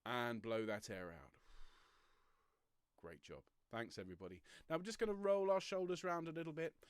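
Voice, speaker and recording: A man leading an online choir warm-up from home, giving step-by-step breathing and stretching instructions with an encouraging, jokey manner. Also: mid-range voice, normal speed, smooth, dry recording, studio quality. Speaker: choir leader. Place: home room, traffic passing outside.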